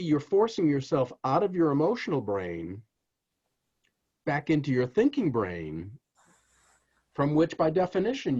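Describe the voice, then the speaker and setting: Male author guest, lively swooping delivery, emphatic storyteller, dull lo-fi sound. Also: mid-range voice. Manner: animated, emphatic storyteller who addresses the host directly. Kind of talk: interview storytelling.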